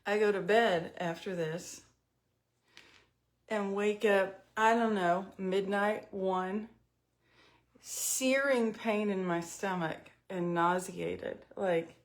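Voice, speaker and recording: Slow, chatty woman telling stories at home. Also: medium pitch, steady tone. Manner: chatty, self-mocking storyteller. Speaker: vlogger doing makeup. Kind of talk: casual storytelling vlog.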